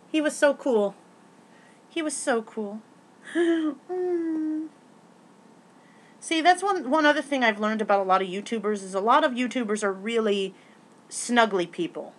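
A woman vlogging casually, rambling with many restarts and fillers, breaking into excitable bursts and swearing now and then. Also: medium pitch.

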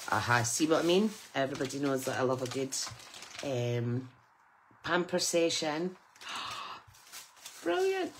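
A middle-aged woman with a low voice chats casually and gushes over each gift she opens. She speaks slowly, exclaiming with delight. A faint hum of room ambience sits behind her. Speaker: craft channel host. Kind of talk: casual unboxing chat.

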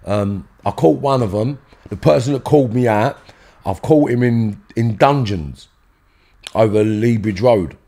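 A man's voice: lowish voice, measured pace, dark tone. A man with a London accent telling a story in a podcast interview, blunt and swearing freely, acting out heated exchanges. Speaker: interview guest.

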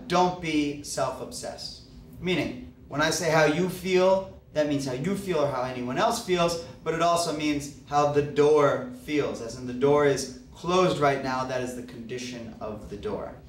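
A man teaching a grammar lesson in a patient, explanatory way, often pausing on "uh" and "okay". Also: fairly high pitch. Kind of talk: classroom grammar lecture. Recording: roomy, distant mic, faint background hiss.

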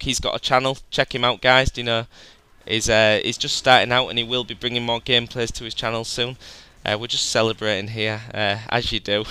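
Male gaming host, bright and very clean-sounding, casual and chatty. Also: medium pitch, smooth. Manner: chatty, rambling, says "guys" often. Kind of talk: gameplay voice-over commentary.

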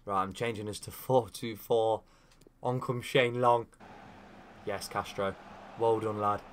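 A young man commentating his own football video game career with lively, animated energy and sudden shouts. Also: on the low side, a little slow, slight background noise. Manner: animated, shouts at big chances. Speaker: gaming YouTuber. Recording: faint guitar music behind.

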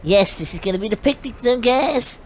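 A woman giving brash, profane comedic commentary while playing a game, yelling insults at enemies. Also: a little high, animated, brisk, noisy background. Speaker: gameplay commentator. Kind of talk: comedic let's-play commentary. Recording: game sounds loud behind the voice.

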